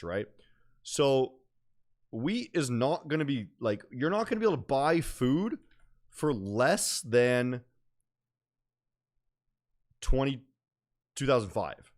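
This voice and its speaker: A young man talks through trades in a loose, rambling stream of chat, full of fillers and slang. His voice sits at an ordinary middle pitch. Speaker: day trading streamer. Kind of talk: casual livestream chat.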